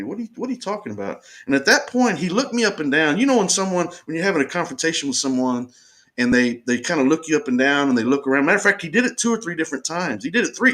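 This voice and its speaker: A man's voice: a little high, a bit bright. A man earnestly recounting a confrontation in the first person, insistent and repeating himself as he explains.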